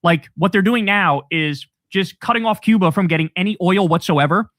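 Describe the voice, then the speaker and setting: A man's voice: high-pitched, moderate pace, fairly bright tone, no echo. A man delivering angry, profane political commentary on a livestream, ranting sarcastically.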